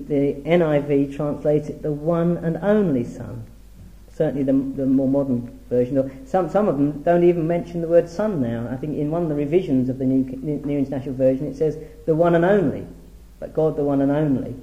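A middle-aged man teaches from the Bible in a measured way, stressing the words when he reads scripture aloud. His voice is very dark and mellow, yet sits a little high for a man. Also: echoey room, lo-fi sound. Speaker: preacher.

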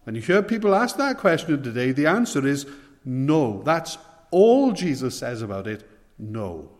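A man preaching a sermon, earnest and pleading, with slow emphatic stresses. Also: mid-range voice, very animated. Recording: long hall reverb.

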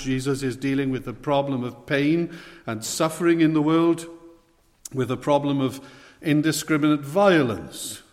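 A man preaching a sermon, earnest and pleading, with slow emphatic stresses. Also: mid-range voice. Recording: long hall reverb.

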